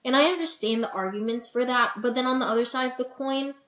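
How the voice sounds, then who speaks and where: A young adult woman, an interview guest and bikini competitor, telling her story in a chatty, animated way with lots of "like" and "you know". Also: high voice, fast. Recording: roomy echo.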